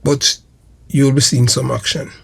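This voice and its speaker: A Jamaican man hosts a commentary channel and denounces his target in a slow, repetitive, emphatic monologue. His voice is gravelly and husky, with a rough fry running through it, and it sits at an ordinary male pitch. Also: level tone. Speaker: channel host.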